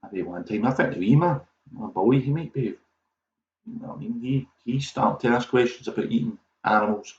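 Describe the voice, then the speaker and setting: A man's voice: mid-range voice, a little fast. Rambling Scottish man, echoey lo-fi audio. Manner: chatty, self-mocking, wanders off on tangents. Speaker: quiz host. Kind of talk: casual rambling livestream chat. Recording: echoey, dull lo-fi audio with faint noise.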